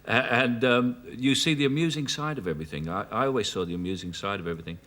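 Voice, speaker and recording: A man in his fifties with a Cockney London accent, a chat show guest telling anecdotes with halting restarts and frequent chuckles. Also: medium pitch, a bit bright. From South London, England. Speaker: actor guest. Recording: 1980s television studio broadcast.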